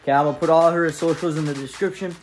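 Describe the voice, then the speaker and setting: A man's voice: a little high, fairly even intonation, rapid-fire, music in the background. A young man hosting a prank vlog, talking in a hyped, sing-song way to the camera. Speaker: prank video host.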